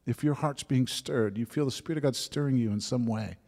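A man in his fifties telling his conversion story as a sermon testimony, shifting from lively storytelling to soft, hushed moments. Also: medium pitch, fairly quick. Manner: storytelling, drops to soft whispers at emotional moments. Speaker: preacher giving a testimony. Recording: long hall reverb.

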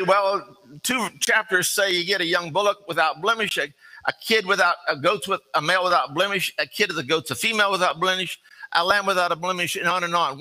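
A man's voice: sits high, sharp tone, poor audio. A man preaching an earnest, conversational sermon with folksy asides.

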